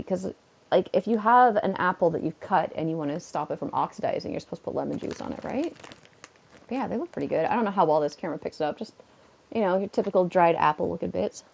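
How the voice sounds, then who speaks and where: A woman's voice: lowish voice, creaky, a little mellow. A woman chatting casually on a home stream, giggling at her own jokes. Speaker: live streamer and teacher.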